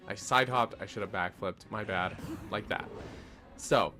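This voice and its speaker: A man with a fairly low voice chats loosely while he plays a video game, joking and laughing at himself as he goes. Faint music sits underneath his talk. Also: unhurried. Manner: playful, self-mocking, laughs often. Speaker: streamer. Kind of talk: casual gameplay commentary.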